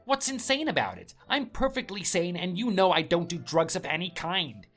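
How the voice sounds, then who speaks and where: A woman's voice: fairly low pitch, sing-song, moderate pace, soft background music. A woman voicing an arrogant, contemptuous young husband who sneers and scolds his wife. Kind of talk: story drama voice acting.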